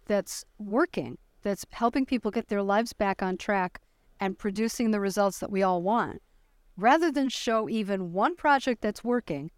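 A woman commentator lays out her points in a dry, wry way. Her pitch is moderate for a woman. The recording is close and dry. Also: clear, resonant tone, no echo. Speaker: guest commentator. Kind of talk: interview answers.

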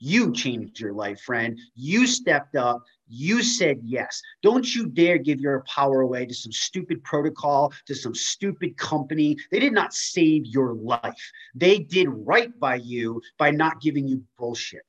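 A man's voice: medium pitch, very animated, a little slow, few pauses, dull audio. A man talking in an emphatic, rambling, emotional way on a video call. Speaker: co-host. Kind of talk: casual video call chat.

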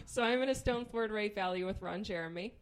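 A woman from Kansas doing stand-up, telling a story in a wry, profane way and acting out the people in it. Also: mid-range voice. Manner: profane, wry, acts out quoted people in voices. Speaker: stand-up comedian.

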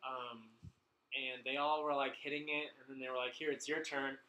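A man's voice: mid-range voice, little pitch movement, moderate pace, pushed and bright, a little hiss or hum. Rambling young-sounding man in an echoey room. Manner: rambling, fills nearly every phrase with "like", swears freely. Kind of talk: casual storytelling chat.

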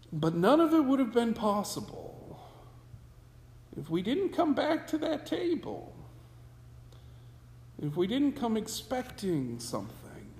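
A pastor delivers a sermon at an unhurried pace, talking it through with the congregation and tossing out rhetorical questions. The pitch rises and falls in a very lively way. The voice rings through a roomy church sanctuary with a long, trailing reverb. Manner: conversational preaching with rhetorical questions. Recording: echoey hall with long reverb.

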